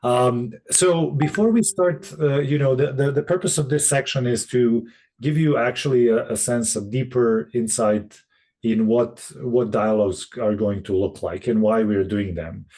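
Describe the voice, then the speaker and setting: Male facilitator on a video call; mellow voice, halting delivery full of fillers. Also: mid-range voice. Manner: halting, many restarts and fillers. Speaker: session facilitator. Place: room in Boston.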